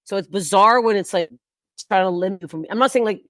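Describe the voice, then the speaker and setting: A woman's voice: mid-range voice, fast, dry recording, studio quality. A woman comedian talking bluntly and profanely in a casual podcast chat, rambling with frequent restarts. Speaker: guest comedian.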